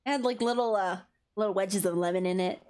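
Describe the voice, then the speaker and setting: A woman's voice: mid-range voice, fast talker. A young woman streaming, chatting casually about her day with frequent fillers, giggles, and playful silly voices. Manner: giggly, rambling, many fillers; animated, playful voices in quoted bits. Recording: faint background music.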